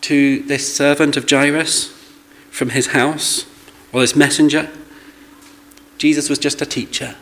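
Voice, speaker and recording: A man's voice: fairly high pitch, little pitch movement, unhurried, fairly bright tone, rough recording. A man preaching a sermon in a conversational way, with rhetorical questions and asides to the congregation.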